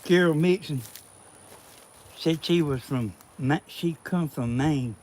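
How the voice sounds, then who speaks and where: A Georgia man with a Southern accent and a slightly high voice, joking and rambling to his viewers as he films outside. He talks straight into the camera. Faint outdoor noise runs under his voice. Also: slow pace, a little mellow. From Georgia, USA. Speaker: vlog cameraman and co-host. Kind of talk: casual vlog chat to viewers. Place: outdoor garden. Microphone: camera he holds.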